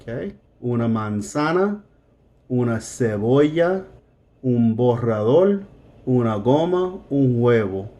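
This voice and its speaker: Male Spanish teacher for a recorded lesson; slow, patient, warm-toned, repeats each example. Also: mid-range voice, expressive. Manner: patient, explains step by step, repeats words.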